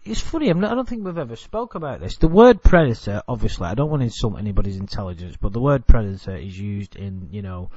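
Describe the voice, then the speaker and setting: A man's voice: fairly low pitch, animated, fast, hardly any pauses, warm tone, husky, no echo, lo-fi sound. Rambling Englishman commenting bluntly. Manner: rambling, self-correcting, blunt. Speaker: video commentator. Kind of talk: casual commentary on a TV clip.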